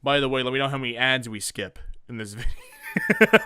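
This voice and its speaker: At a moderate pace and medium pitch, a young man reads internet memes aloud and cracks jokes about them in comedic commentary. He's animated and keeps slipping into silly voices for laughs.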